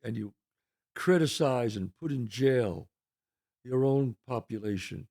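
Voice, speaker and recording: A man's voice: medium pitch, lively intonation, a little slow, vocal fry, dark tone. An older American man hosting his own show, delivering a heated, profane solo rant full of rhetorical questions. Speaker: podcast host.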